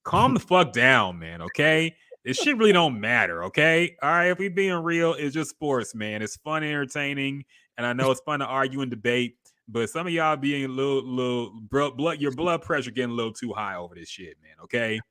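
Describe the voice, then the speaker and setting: A man's voice: medium pitch, expressive, a little fast, pushed and bright. A man co-hosting a podcast in casual sports chat, blunt and profane, reading out viewer comments. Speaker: podcast co-host.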